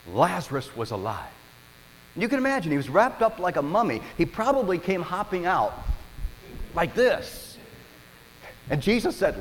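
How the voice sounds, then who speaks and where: A man preaching a sermon as pastor, telling stories with animated, dramatic delivery. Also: mid-range voice, normal speed, long pauses, long reverb tail, a little hiss or hum, poor audio.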